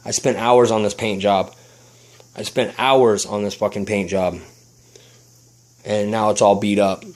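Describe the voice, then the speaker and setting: A man's voice: fairly low pitch, steady tone, a little slow. A man vlogging about his RC plane, agitated, swearing, and often restarting his sentences indoors at home. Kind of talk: casual vlog.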